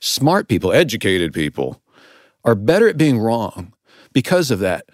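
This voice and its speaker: A man's voice: on the low side, big pitch swings, normal speed, dry recording, studio quality. A man who is an author and radio host, a guest in an interview, explaining ideas in a thoughtful, self-deprecating way. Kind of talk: conversational interview.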